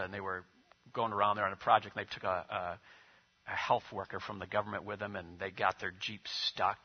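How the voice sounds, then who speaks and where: A man's voice: on the low side, breathy edge, highs cut off. A man preaching a sermon as pastor, telling stories, then leading prayer and liturgy. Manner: storytelling with acted quotes, leading prayer and liturgy.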